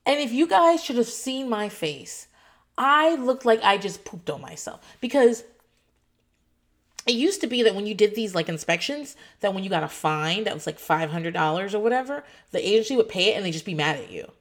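A woman in her thirties telling a story in a casual vlog, animated and profane, acting out what others said. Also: mid-range voice, moderate pace. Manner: animated, swearing, quotes others in voices. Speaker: foster parent telling a story.

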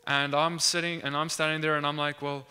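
A man's voice: a little high, level tone, fairly quick, pushed and bright, smooth. A young man earnestly telling a faith testimony from his student days, acting out the dialogue and often restarting his sentences. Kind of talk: animated testimony storytelling.

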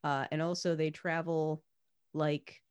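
A woman's voice: deep voice, little pitch movement, slow, darkish tone, smooth. A woman co-hosting a podcast in casual chat, retelling a story in irreverent slang with lots of fillers. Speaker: podcast co-host.

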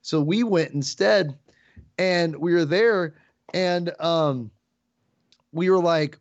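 Excitable rambling man, dull dry sound. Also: on the high side, moderate pace, dry recording. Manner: excitable, rambling with many restarts. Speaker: podcast guest. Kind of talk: casual chat.

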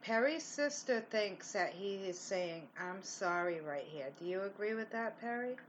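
A woman's voice: medium pitch, expressive, a little slow. Chatty woman hosting a paranormal show. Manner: chatty, conversational, asks partner's opinion. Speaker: paranormal investigation show host. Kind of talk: casual commentary on recordings. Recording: muffled lo-fi recording with faint hiss.

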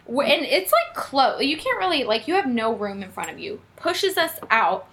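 A young woman co-hosts a casual podcast, spinning a wild story with lots of swearing and lively retelling. Her voice sits high and rings bright. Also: normal speed. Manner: animated, swearing, acts out quotes. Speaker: podcast co-host.

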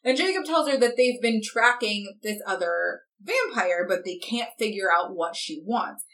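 A woman's voice: medium pitch, moderate pace, fairly bright tone. A young woman co-hosting a podcast, summarizing plot points wryly in casual chat and correcting her co-host. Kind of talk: casual chat, book recap.

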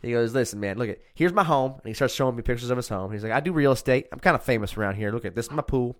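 A man's voice: medium pitch, fast, hardly any pauses. A young man from Chicago telling a rambling, profane story in casual chat.

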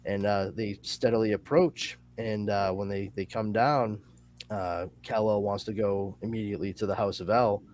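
Animated rambling man, lowish voice. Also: moderate pace. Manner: rambling and animated, with many fillers and excited asides. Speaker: podcast host discussing comics. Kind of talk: casual chat, summarizing a comic.

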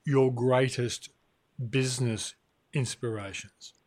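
A man's voice: medium pitch, fairly even intonation, slow pace, dry recording, clean studio sound. A man hosting an interview, asking probing conversational questions. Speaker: host.

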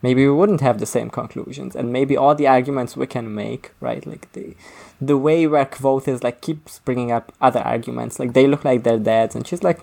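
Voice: mid-range voice, fairly even intonation, normal speed, creaky, a little mellow. Podcast co-host, rambling, self-correcting, casual book talk.

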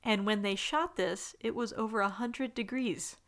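A woman's voice: mid-range voice, normal speed, a bit bright. A woman co-hosting a casual podcast, recapping a TV episode in an easygoing, giggly way. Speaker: podcast co-host. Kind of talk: casual chat recapping a TV show.

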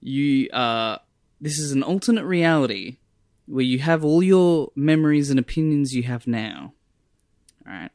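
Male podcast host, mid pitch, playful, quick asides, dry close mic. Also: expressive, a little mellow, no room sound. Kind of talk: casual podcast chat.

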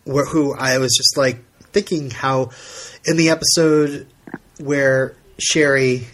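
Slow-paced and a bit bright, this man's medium-pitched voice stays fairly even as he co-hosts a podcast. He chats casually and tends to ramble, with frequent fillers and restarts.

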